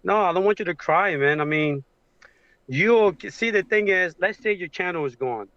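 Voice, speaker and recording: A man on a livestream video call, talking in a halting, emotional way with many fillers. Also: high voice, lively intonation, a bit bright, dry recording, highs cut off. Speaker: guest on a livestream. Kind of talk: casual supportive chat. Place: home with a train passing outside.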